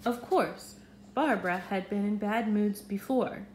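A woman reading a children's storybook aloud in an expressive, animated way. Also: mid-range voice, measured pace, slight background noise.

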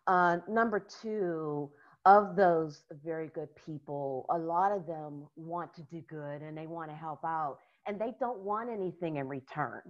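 An American woman, a guest in a casual interview, telling stories in an animated way and laughing often. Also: deep voice, unhurried, lo-fi sound. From United States.

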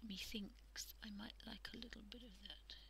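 A British woman runs a live art stream, chatting casually and often half-whispering as she demonstrates drawing, with soft delivery and plenty of fillers. Her pitch is medium, her tone steady, and her speed normal. The recording is rough, with a little hiss or hum.

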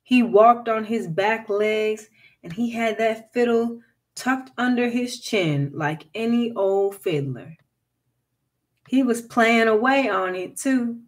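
Slow, measured woman storyteller. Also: on the high side, animated. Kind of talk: reading a folktale aloud.

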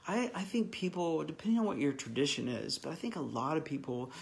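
A man's voice: fairly high pitch, sing-song, vocal fry. A pastor leading a live online Bible study in an earnest, encouraging, heartfelt way, often stopping and restarting his sentences. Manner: halting with frequent restarts.

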